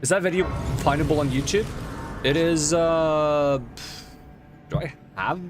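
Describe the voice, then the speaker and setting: A man's voice: a little high, measured pace. Chatty young man streaming a game. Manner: rambling, chatty, laughs often. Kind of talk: casual chat while playing. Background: game music.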